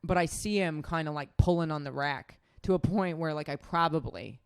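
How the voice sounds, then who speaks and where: A woman's voice: low-pitched, moderate pace, creaky, clear, resonant tone, no room sound. Woman podcast co-host, chatty rambler, curses freely, dry close sound. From Nevada, USA. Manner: rambling, profane, lots of "like". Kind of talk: casual chat, storytelling.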